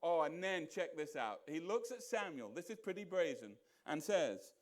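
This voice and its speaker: A man's voice: very animated, normal speed. A male pastor preaching a sermon in a church, talking conversationally and throwing rhetorical questions at the congregation. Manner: acts out quoted voices in a low mutter. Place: church sanctuary.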